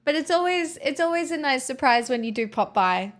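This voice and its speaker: A woman's voice: high-pitched, expressive, brisk. A woman hosting a live stream, chatting casually with a sarcastic, joking manner. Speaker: livestream host.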